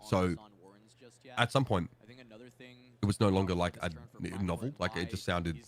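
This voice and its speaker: A man chatting casually on a co-stream in a quick, reflective way. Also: low-pitched. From Australia. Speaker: co-stream host. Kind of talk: casual chat.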